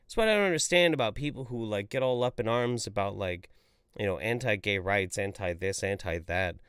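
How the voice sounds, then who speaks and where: A man hosting a livestream, reading out viewer chats and ranting about them with profanity and exasperation. He swings between loud outbursts and mumbled asides. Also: lowish voice, lively intonation, brisk, smooth, no echo, clean studio sound. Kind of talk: livestream commentary.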